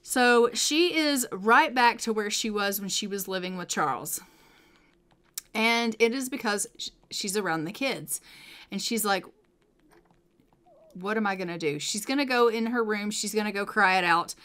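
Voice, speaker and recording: A woman's voice: medium pitch, normal speed, a bit bright, clean tone. A woman hosting a game channel, narrating life-sim gameplay in a chatty, story-telling way. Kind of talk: let's play narration.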